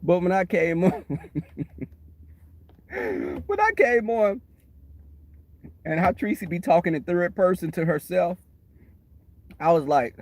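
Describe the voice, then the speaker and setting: High-voiced man chatting to a livestream. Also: slow pace, long pauses. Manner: animated storytelling, laughs often, talks to the chat. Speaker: livestream host. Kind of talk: casual livestream chat. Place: waiting for a shuttle, outdoors or in transit.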